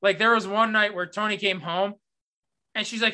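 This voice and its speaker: A man hosting a casual podcast, telling stories with lots of profanity and animated retellings. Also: high-pitched, normal speed. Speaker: podcast host. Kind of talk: casual sports podcast chat.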